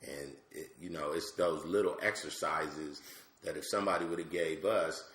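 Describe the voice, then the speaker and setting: A middle-aged male comedian telling animated, slangy stories as a podcast guest. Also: a bass voice, normal speed. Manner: animated, slangy, lots of asides. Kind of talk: comic storytelling on a podcast. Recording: roomy echo.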